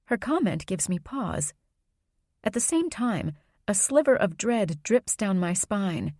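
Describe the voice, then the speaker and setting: A woman reading a first-person audiobook in an even, measured narration. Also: mid-range voice, no room sound, studio quality.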